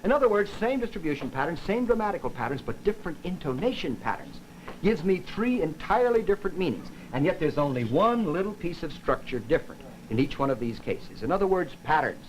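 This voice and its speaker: Lively man giving a lecture. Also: a little high, fairly quick, slight background noise, low-quality recording. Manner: lively, demonstrates intonation with his own voice. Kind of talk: televised linguistics lecture.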